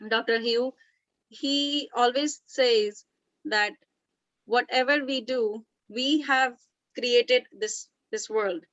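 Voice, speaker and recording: A woman's voice: on the high side, a bit bright, dry recording, dull audio. A woman leading a session, telling a personal story in an earnest, chatty way with frequent restarts. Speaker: session leader. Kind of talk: casual storytelling talk.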